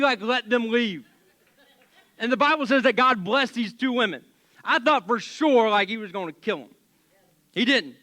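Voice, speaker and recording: A man preaching as a pastor in a church, telling a Bible story casually with jokes and acted-out voices. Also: high-pitched. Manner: animated, joking, acts out voices.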